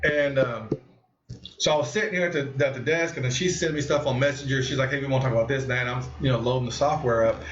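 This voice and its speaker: A man hosting a live stream, telling a story in a rambling, animated way and acting out what others said. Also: mid-range voice, quick pace, distant mic. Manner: rambling, animated, with lots of restarts and acted-out quotes. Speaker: host of a live cannabis stream. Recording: muffled echoey room, voice off-mic.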